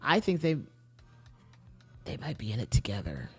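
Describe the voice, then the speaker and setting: A man's voice: mid-range voice, wildly swooping pitch, normal speed, darkish tone, soft background music. A man streaming a mystery game, thinking aloud, restarting sentences and reading in-game letters aloud with small stumbles.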